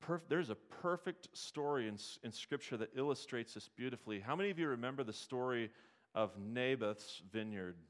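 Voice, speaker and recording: A man preaching a sermon in a church, retelling scripture stories with lively asides and questions to his congregation. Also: mid-range voice, moderate pace. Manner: storytelling preacher, asks the congregation questions, acts out the story's characters. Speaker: pastor.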